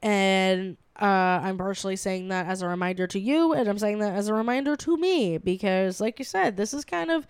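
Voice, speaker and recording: A woman co-hosting a comedy podcast chats casually and rambles, using lots of fillers and restarts. Her medium-pitched voice is smooth, at normal speed with hardly any pauses, and there is no echo.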